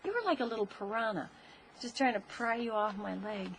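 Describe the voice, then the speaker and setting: A woman's voice: a little high, a little fast, slight background noise. Laughing mother telling family stories. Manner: animated, laughing, acts out voices in her stories. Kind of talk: casual home-video storytelling.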